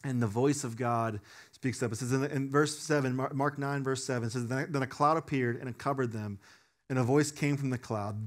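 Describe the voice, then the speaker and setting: A young man preaching a sermon in an animated, conversational way, with casual fillers. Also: medium pitch, fairly quick. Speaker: pastor.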